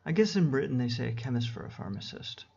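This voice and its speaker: A man teaching English in a relaxed, unhurried way at his computer, with fillers as he goes. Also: medium pitch, gravelly, breathy edge. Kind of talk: casual screen-recorded lesson. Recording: dull lo-fi home recording.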